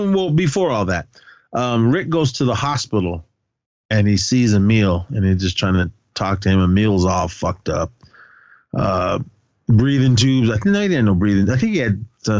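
A man's voice: on the low side, no echo, dull audio. A man co-hosting a podcast, casually retelling a film's scenes with lots of quoted lines and fillers. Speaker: podcast co-host. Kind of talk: casual movie recap.

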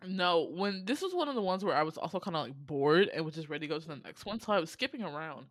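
A woman chatting casually about an animated series, animated in her telling, swearing and laughing often. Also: low-pitched, fast talker, dry recording. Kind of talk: casual chat reviewing an animated anthology.

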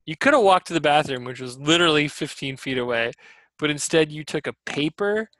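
Laughing man with a bright voice. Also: fairly high pitch, a little fast, dry recording. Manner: animated storyteller, laughs often, swears casually. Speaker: podcast co-host. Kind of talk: casual chat.

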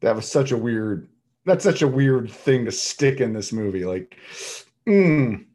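A man co-hosting a casual film-review chat, emphatic and ranty, swearing freely as he picks the movie apart. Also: medium pitch. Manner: animated, emphatic, swearing, quick to rant. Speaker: podcast co-host reviewing a film.

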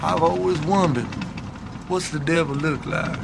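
A man's voice: a little high, steady tone, measured pace, vocal fry. An actor playing a naive, curious country man, asking wondering questions in a film clip with outdoor noise.

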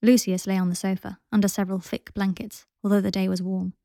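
A woman narrating a story aloud in a calm, steady way. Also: mid-range voice, quick pace, gravelly, no room sound, clean studio sound. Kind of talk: audiobook reading of fan fiction.

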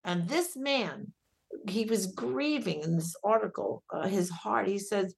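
A woman's voice: mid-range voice, unhurried, creaky, slightly rough. A middle-aged woman, a guest on a radio talk show, speaking emphatically and telling stories with animation. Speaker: guest, pro-life ministry director.

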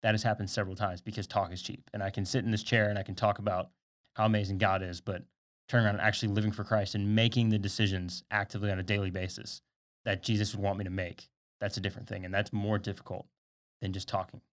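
Young man, podcast co-host, lowish voice, fast talker, earnest, side notes. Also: little pitch movement. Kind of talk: casual faith podcast chat. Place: podcast studio.

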